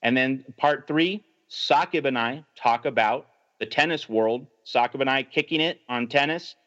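A man's voice: medium pitch, moderate pace, fairly bright tone, lo-fi sound. A man co-hosting a podcast, reading through the show's lineup with some fillers and restarts. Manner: reads a rundown with fillers and restarts. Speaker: podcast co-host. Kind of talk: scripted show rundown.

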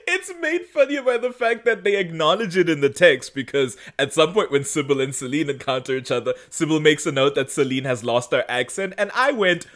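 Man, podcast co-host, bright tense voice, lively pitch, laughs a lot. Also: a little fast, hardly any pauses. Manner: animated, laughs often, rambling asides. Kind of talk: casual podcast chat.

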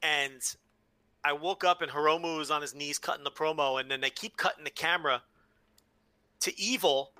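Podcast guy with a bright, sharp voice, dry close sound, swears a lot, stumbles into his stories. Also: a little high, moderate pace, no room sound. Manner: frank storytelling, swears freely, restarts with repeated words. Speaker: podcast co-host. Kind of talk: casual wrestling podcast chat.

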